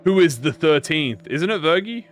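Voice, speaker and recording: This streamer has a fairly high-pitched voice with lively intonation and a moderate pace. He chats casually with viewers while gaming, faint game music behind him, and his talk wanders, self-corrects and trails off into mumbles.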